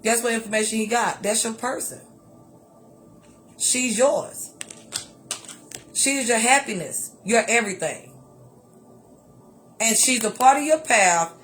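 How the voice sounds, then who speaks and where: A woman giving a tarot reading to her viewers, animated and exclamatory, repeating phrases for emphasis and calling listeners honey. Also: fairly high pitch, a little slow, long pauses, a little hiss or hum. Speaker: tarot reader.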